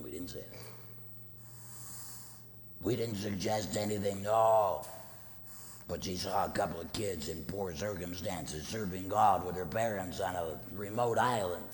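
A middle-aged man preaching a sermon as pastor, telling a family story with acted quotes, swinging from loud to hushed. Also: sits low, unhurried, long pauses. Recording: long reverb, faint noise.

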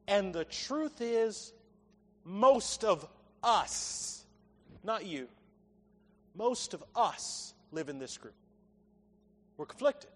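A man's voice: extremely high pitch, animated, takes it slowly, pauses often. A male pastor preaching a sermon, building to emphatic points. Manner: preaching with rising emphasis and acted quotes. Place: church sanctuary. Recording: long reverb of a church hall.

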